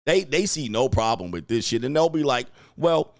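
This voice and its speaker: A man's voice: mid-range voice, sing-song, fairly quick. A man coaching and commenting on clips in a crude, mocking way, laughing often. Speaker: dating coach.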